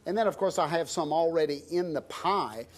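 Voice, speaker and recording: A man's voice: fairly high pitch, normal speed. A middle-aged man with a South Louisiana accent, chatting folksily with the audience while demonstrating a recipe. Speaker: TV cooking show chef. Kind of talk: cooking demonstration.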